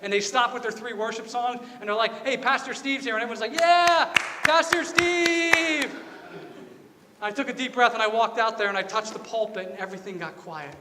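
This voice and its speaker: A man's voice: high voice, steady tone, fast talker, few pauses, background noise. A man preaching a sermon as pastor, telling a personal story earnestly and repeating key phrases. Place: church sanctuary. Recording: reverberant church hall with faint ambience.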